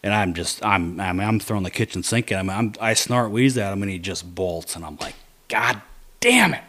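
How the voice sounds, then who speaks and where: A man telling a hunting story in casual chat, animated, dropping to low mutters to quote his own thoughts. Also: fairly quick.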